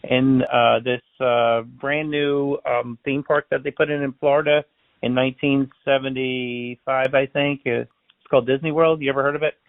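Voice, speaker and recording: Brief: friendly storyteller man, gravelly voice, dry close sound. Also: medium pitch, normal speed, no room sound. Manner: chatty, animated storyteller acting out dialogue. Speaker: balloon artist and magician. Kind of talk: casual interview storytelling. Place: based in Florida. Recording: tinny phone-line sound.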